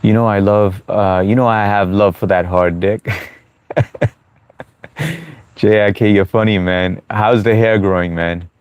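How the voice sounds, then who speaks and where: A man's voice: fairly low pitch, fairly even intonation, normal speed, clean tone, no echo, dull audio. A man hosting a live stream in casual chat, reading viewer comments aloud and chatting with them in a laid-back, friendly way.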